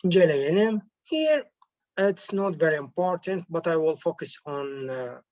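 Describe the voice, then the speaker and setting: A man teaching vocabulary who switches back and forth between two languages, pausing often and correcting himself as he explains. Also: a little high, animated, a little mellow, no echo. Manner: hesitant, with frequent pauses and self-corrections. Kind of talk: slow classroom explanation. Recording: dull, lo-fi, dry recording.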